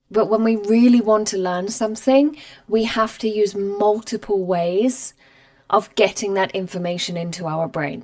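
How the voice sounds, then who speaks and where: A woman's voice: medium pitch, a little mellow. Patient woman teaching English live. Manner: clear, patient explaining with example sentences. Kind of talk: live online grammar lesson. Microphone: camera mic.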